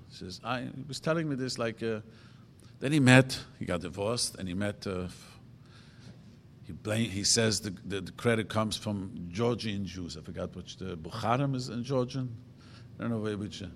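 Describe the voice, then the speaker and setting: A man's voice: lowish voice, a bit bright, a little hiss or hum. A man speaking as a rabbi in an informal talk, answering audience questions with rambling stories and frequent self-corrections. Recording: long reverb of a hall.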